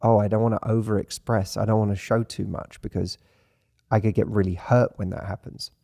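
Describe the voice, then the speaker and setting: A man, the host, talking through dating fears in a reflective, gentle way. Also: lowish voice, level tone, fairly quick, vocal fry, no room sound, studio quality. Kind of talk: conversational advice.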